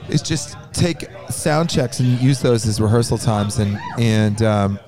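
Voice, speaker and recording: A man's voice: on the low side, measured pace, darkish tone, soft background music. A man co-hosting a casual backstage podcast with his bandmates, rambling with lots of fillers and restarts. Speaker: band member and podcast co-host.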